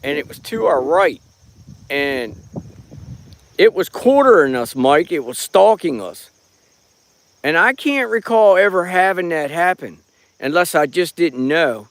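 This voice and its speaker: A man's voice: fairly high pitch, very animated, a little slow, pauses often. A middle-aged man live-streaming outdoors at night on a rural property. He holds his phone in his hand and chats in a rambling, folksy way, greeting viewers by name. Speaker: live-streaming paranormal watcher. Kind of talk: casual live stream chat. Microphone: handheld phone.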